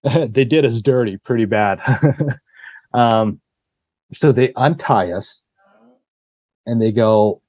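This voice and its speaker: A man's voice: mid-range voice, takes it slowly, pauses often, dry recording, muffled recording. A man on a podcast telling a long story in a casual way. He acts out what people said and swears freely. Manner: lively storyteller acting out quoted dialogue, swears freely. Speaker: podcast guest.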